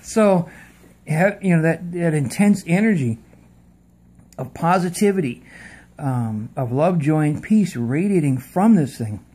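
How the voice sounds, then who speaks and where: A man's voice: a little high, animated, unhurried, dark tone, husky. A man speaking into a phone camera in an earnest, casual monologue, often repeating words for emphasis. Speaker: video presenter.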